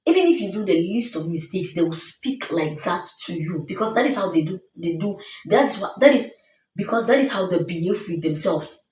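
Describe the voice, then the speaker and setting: An earnest woman vlogger talks the listener through self-love, stressing each point and repeating key lines like refrains. Her voice sits slightly low. She sounds set back from the mic in a roomy, echoing space. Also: expressive, normal speed, darkish tone, recorded from a distance. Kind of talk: motivational talk to camera.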